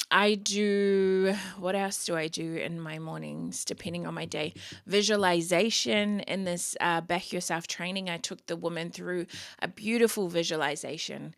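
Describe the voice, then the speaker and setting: A woman's voice: medium pitch, creaky, a bit bright. A woman hosting a podcast, talking frankly in a casual motivational monologue and swearing freely. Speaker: podcast host and coach.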